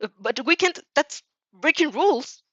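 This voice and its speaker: A woman's voice: high voice, sing-song, normal speed, a bit bright, dry recording, voice pushed up. A woman voicing a timid young girl who is a shadow, speaking small and unsure, in a dull lo-fi recording. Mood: startled. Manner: small, insecure, then giddy.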